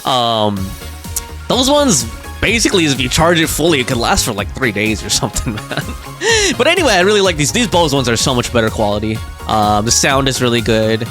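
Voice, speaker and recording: A man's voice: medium pitch, big pitch swings, fairly quick, fairly bright tone, faint music behind. A young man streaming a game live, chatting casually and rambling with fillers and restarts.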